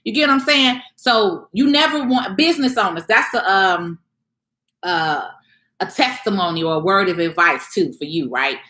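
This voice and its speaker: A woman's voice: on the low side, sharp tone. A woman business coach hosting a casual live stream, talking emphatically to her followers and checking in with them often. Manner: emphatic, conversational, keeps asking "you get what I'm saying"; mocks others in raised playful voices. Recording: echoey room.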